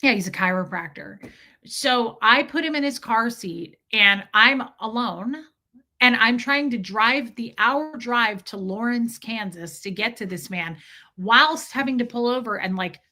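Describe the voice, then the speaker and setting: Bright-voiced woman telling a candid story. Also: on the high side, unhurried. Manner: candid, animated storytelling, breaks off to greet chat viewers. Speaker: livestream host. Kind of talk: livestream storytelling.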